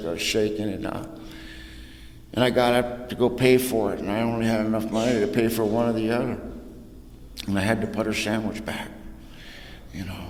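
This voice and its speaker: A man with a lowish voice shares his recovery story from a podium. He mixes joking asides with plain, hushed honesty. The sound is roomy, with a long hall echo and faint background noise. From Southern California. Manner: humorous storytelling, drops soft and low for painful parts; casual southern-tinged slang, "ain't", "y'all". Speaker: recovery meeting speaker. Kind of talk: personal testimony talk.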